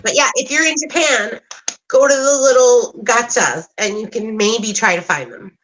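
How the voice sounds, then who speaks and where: A woman co-hosting a podcast, adding unhurried, drawn-out asides in casual chat. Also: fairly high pitch, a bit bright, slight background noise, low-quality recording. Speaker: podcast co-host.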